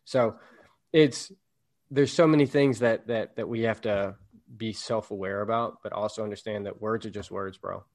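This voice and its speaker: A man's voice: fairly low pitch, steady tone, moderate pace, darkish tone. A man co-hosting a podcast, talking through ideas in a rambling, reflective way during casual chat. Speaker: podcast co-host.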